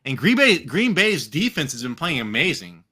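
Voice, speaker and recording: An American man co-hosting a live fantasy football stream, his voice bright and sharp and swinging up and down with energy. He rambles, restarts and swears freely, talking casually with a drink in hand. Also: a little high, moderate pace, slightly rough. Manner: profane, rambling, animated. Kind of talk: casual live podcast chat.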